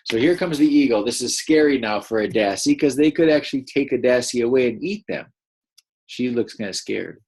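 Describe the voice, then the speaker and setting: A man teaching a first-grade class, reading a picture book aloud and gently encouraging the children to read along. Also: mid-range voice, a little fast, husky. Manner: gentle, encouraging, explains as he goes.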